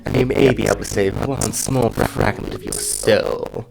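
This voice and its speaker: A man voicing a haughty, radiant heroine who talks loudly and grandly, over music. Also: medium pitch, fairly even intonation, normal speed, gravelly, heavy background noise. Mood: grandiose. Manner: loud, grandiose. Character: haughty radiant heroine, woman, self-proclaimed boss. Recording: loud music underneath.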